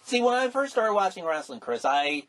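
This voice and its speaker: A middle-aged man chats casually as a podcast co-host. His voice sits a little high for a man, and he rambles with plenty of restarts and sudden animated outbursts. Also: moderate pace. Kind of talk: casual chat.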